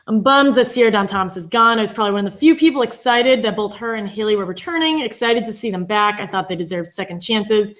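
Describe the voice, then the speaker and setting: A woman's voice: medium pitch, quick pace, few pauses, a bit bright. A woman co-hosting a fan show, chatting casually and reading viewer comments aloud. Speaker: podcast co-host.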